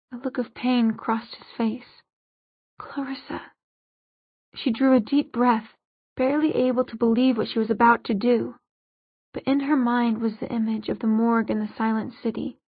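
A woman narrating a novel as an audiobook, reading in a steady, even storytelling manner. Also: on the high side, husky, dry recording. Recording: dull lo-fi audiobook recording.

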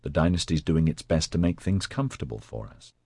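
A man voicing a practical, wary mother of two in an audiobook, speaking in a dry, measured way. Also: rumbling low, animated, a little mellow, breathy edge, no room sound, full character voice. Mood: reflective.

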